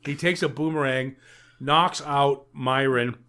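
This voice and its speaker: A loud young man with an American accent, chatting on a podcast. He swears freely and sounds comically exasperated as he retells a film scene by scene. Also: medium pitch, unhurried. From United States. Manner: boisterous, swears a lot, mock-exasperated retelling. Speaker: podcast co-host. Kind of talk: casual podcast chat.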